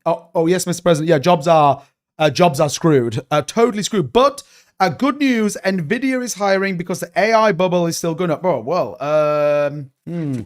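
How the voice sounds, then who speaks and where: Brief: man doing a goofy skit of stumbling politicians, higher voice. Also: natural voice. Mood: mocking. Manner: playful, halting, self-interrupting skit. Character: mocking impressions of US government officials.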